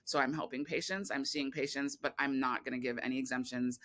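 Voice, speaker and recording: A woman guest on a podcast, telling a long personal story in a rambling, animated way, full of restarts and quoted voices. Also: very deep voice, fairly quick. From California. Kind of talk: casual interview conversation.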